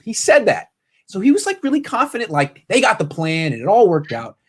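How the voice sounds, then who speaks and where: Animated man talking sports. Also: high-pitched. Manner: animated, quotes people in quick impressions. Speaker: podcast host. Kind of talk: casual sports talk.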